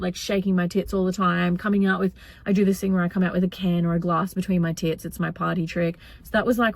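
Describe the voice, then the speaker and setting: A woman's voice: fairly low pitch, creaky. A young woman vlogging, venting in an agitated, rambling way with lots of swearing. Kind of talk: casual venting vlog.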